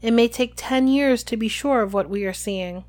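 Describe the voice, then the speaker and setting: Firenze, a woman reading a calm centaur. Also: on the high side, natural voice. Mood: calm, lofty. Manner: slow, measured reading. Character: calm, aloof male centaur teacher.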